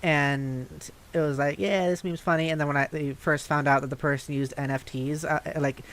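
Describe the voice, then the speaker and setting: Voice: mid-range voice, fairly even intonation, normal speed, fairly bright tone. A VTuber streamer chatting casually while gaming, chatty and a bit self-conscious.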